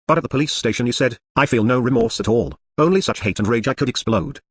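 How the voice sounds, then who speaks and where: A man reading a defiant accused killer, husky and quick. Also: medium pitch, close to an everyday voice. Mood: indignant. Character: male murderer on trial, indignant and defiant.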